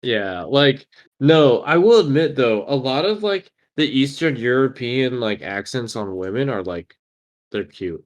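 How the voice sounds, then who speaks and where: A man's voice: medium pitch, expressive, a little slow, dull audio. A young man co-hosting a podcast, bantering casually and laughing easily, lots of fillers. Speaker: podcast co-host.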